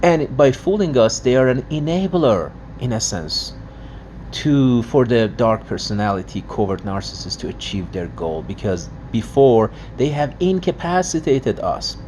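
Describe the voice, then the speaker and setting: A man's voice: medium pitch, animated, unhurried, darkish tone, slight background noise. A man speaking in an emphatic monologue, acting out dialogues and restarting his words often. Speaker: father and video blogger. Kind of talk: emotional monologue commentary.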